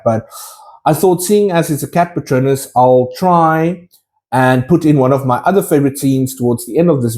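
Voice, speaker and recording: A man's voice: a little high, warm tone. A man vlogging casually to his viewers, enthusiastic and rambling with many restarts. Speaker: collectibles vlogger.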